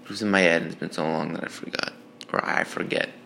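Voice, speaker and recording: Rambling, self-mocking man with a creaky voice. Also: sits low, fairly even intonation, quick pace, sharp tone, slight background noise. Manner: rambling, self-mocking, swearing, laughs at himself. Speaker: amateur comedian. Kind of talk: reading old joke notes aloud. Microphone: phone voice memo.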